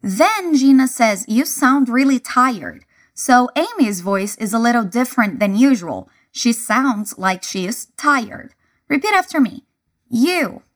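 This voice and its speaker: Woman, English teacher, repeat-after-me lesson, unhurried, animated delivery. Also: on the high side. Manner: clear, deliberate, breaks phrases into single words.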